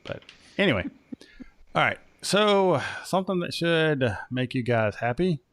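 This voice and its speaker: A man's voice: a little high, lively intonation, unhurried, a bit bright, no room sound. An American man hosting a motorcycle podcast, chatting casually and rambling with frequent restarts and fillers. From United States. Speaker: podcast host. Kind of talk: casual chat.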